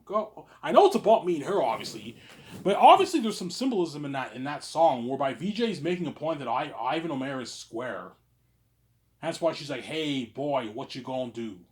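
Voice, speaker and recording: Rambling man in his thirties, stammering. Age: 30s. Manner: repetitive, stammering restarts, frequent "obviously"; swings between low muttering and loud outbursts. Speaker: vlogger. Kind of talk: rambling personal monologue.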